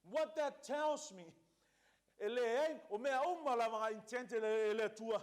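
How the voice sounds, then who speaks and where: High-voiced pastor preaching. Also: male voice, normal speed. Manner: switches between two languages, emphatic repetition. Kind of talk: sermon.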